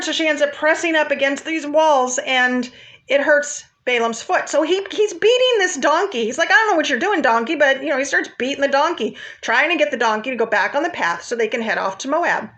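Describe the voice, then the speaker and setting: A woman's voice: high voice, expressive, brisk, fairly bright tone. A woman casually retelling a Bible story in a chatty, informal way, with asides to her viewers.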